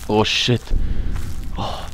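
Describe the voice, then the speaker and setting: Guy doing a horror let's play on a cheap mic, talks slow, broken english, faint hiss behind. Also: pushed and bright. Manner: panicky, screams and swears when scared; non-native English grammar. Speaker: gaming YouTuber. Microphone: cheap mic, face cam.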